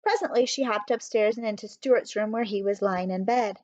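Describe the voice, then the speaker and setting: A woman's voice: medium pitch, fairly quick, few pauses, darkish tone, no echo. Woman reading a children's story. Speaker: audiobook reader. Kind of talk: storybook read-aloud. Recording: dry, slightly muffled.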